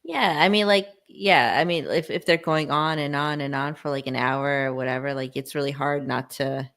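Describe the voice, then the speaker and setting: A woman in casual stream chat, quick to react and often laughing. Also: low voice, fairly even intonation, a bit bright.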